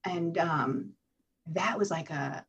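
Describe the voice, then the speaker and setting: A woman guest telling her own recovery story in an interview, candid and animated, swearing freely and acting out what she told herself. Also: low-pitched, slow, vocal fry, slightly rough, highs cut off. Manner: candid, animated storytelling with profanity and acted-out inner voices. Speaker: podcast guest.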